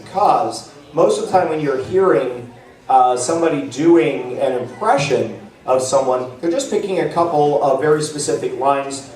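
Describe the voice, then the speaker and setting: A man presents at a convention panel, giving a casual, rambling talk to a live audience, full of fillers and restarts. His voice is fairly high-pitched with a darkish tone. The room is echoey and the mic is far off.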